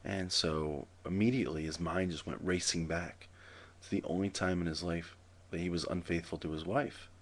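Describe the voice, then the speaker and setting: Man, deep gravelly voice, deadpan, dry humor, casual joke telling to camera. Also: normal speed. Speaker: vlogger telling jokes. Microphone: camera mic.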